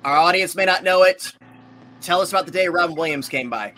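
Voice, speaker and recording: Male host, high lively voice, bright tone, eager questions, laughs easily. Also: brisk. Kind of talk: interview hosting.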